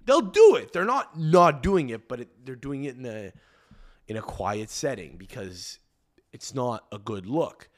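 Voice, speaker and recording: A man's voice: medium pitch, big pitch swings, measured pace. A man hosting a comedy podcast, ranting in a rambling, profane way with lots of fillers and restarts. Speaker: podcast host.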